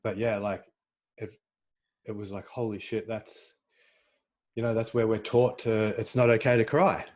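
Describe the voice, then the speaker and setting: Brief: man, low-pitched podcast host, hesitant, fills pauses with ums and restarts, relaxed conversational telling. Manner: halting, frequent fillers and restarts.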